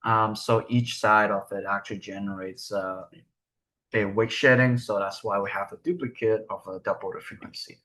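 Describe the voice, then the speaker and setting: Bright-voiced young man presenting research. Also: lowish voice, steady tone, moderate pace. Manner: explanatory, with frequent ums and rhetorical questions. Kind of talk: recorded conference presentation.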